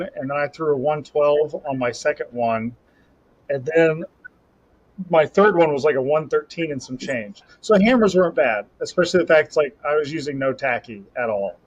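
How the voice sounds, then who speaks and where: A young man on a podcast, casually telling a rambling, animated story about a competition. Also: on the high side. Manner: rambling, animated storytelling with self-talk asides. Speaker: podcast co-host and Highland Games athlete. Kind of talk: casual chat. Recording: slightly dull lo-fi audio.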